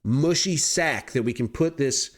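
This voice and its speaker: A man's voice: medium pitch, unhurried. A man from Texas with a Texan accent, playing a tabletop game and arguing his point animatedly. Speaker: player. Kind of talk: casual tabletop play.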